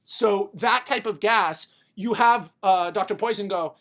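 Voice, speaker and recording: A podcast host pitching a story idea in a comedic, rambling way, profane and animated. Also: measured pace, few pauses.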